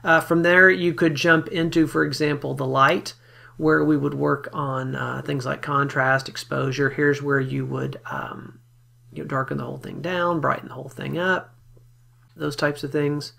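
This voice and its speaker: A man with a somewhat high, gravelly voice talks through a photo editing tutorial. He explains each step in a relaxed, easygoing way, with the odd filler as he clicks along. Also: moderate pace. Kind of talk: screen-recorded software tutorial.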